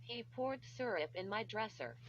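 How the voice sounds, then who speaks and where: A woman's voice: mid-range voice, lively intonation, a little slow, a little hiss or hum, close to an everyday voice. A woman reading the part of an upset, stammering teenage brother in an audiobook. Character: frightened, whiny big brother, a teen boy. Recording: dull lo-fi recording.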